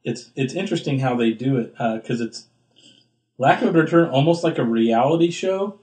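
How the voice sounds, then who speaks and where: A man's voice: expressive, fairly quick, darkish tone. A young man co-hosting a casual podcast chat, rambling with lots of fillers. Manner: rambling, filler-heavy, acts out quotes with big pitch jumps. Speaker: podcast co-host.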